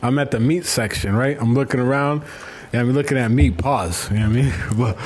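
A man's voice: medium pitch, fairly quick, a little mellow. A man co-hosting a casual comedy podcast, telling stories in a laid-back way full of slang and cursing. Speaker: podcast co-host.

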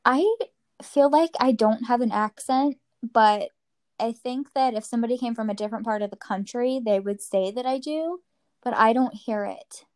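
Woman from Maryland, podcast co-host, slightly high voice, easygoing and chatty. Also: normal speed, a little mellow. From Maryland, United States. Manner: laid-back, reads prompts from a list, laughs often. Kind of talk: casual chat.

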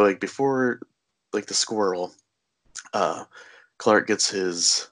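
A man with a low-pitched voice talks through a film's plot in a loose, rambling way, full of fillers. His voice sounds dry and close to the mic, with no room sound. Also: no room sound. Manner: rambling, filler-heavy storytelling with laughs. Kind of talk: casual movie recap.

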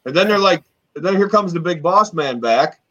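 Animated man on a lo-fi podcast. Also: high-pitched, normal speed. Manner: animated, swears freely, acts out quoted wrestlers. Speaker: podcast co-host. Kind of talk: casual chat.

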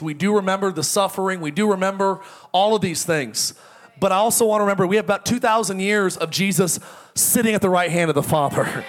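A somewhat high-voiced middle-aged man pastoring a church, a little worn from jet lag. He jokes playfully at his own expense and keeps switching from easy chatter to loud, emphatic bursts. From United States. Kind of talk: joking church welcome and announcements. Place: church auditorium before a congregation.

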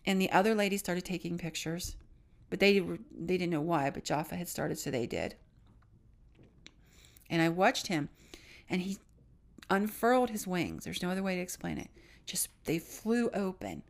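A middle-aged woman with a low-set, gravelly voice full of vocal fry tells a personal story. She speaks earnestly, often sinking to a hushed tone at the tense moments. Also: animated, moderate pace, long pauses. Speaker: podcast co-host.

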